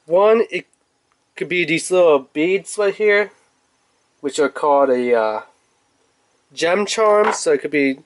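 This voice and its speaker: A man casually reviewing and unboxing a toy, chatty and rambling, with bursts of excitement. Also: sits high. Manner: chatty, rambling with fillers, excitable when revealing toys.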